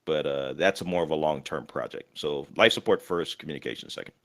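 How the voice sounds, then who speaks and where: Deep-voiced man playing the captain. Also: brisk, fairly bright tone. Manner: hesitant, with frequent fillers. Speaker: player acting as ship captain. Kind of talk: in-character role-play.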